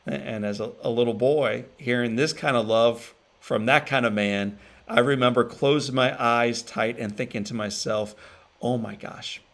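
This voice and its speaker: A man with a gravelly, creaky voice delivers an inspirational keynote at an even middle pitch. He tells his story with emotion, pausing and repeating phrases for weight. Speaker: motivational speaker. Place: virtual event stream.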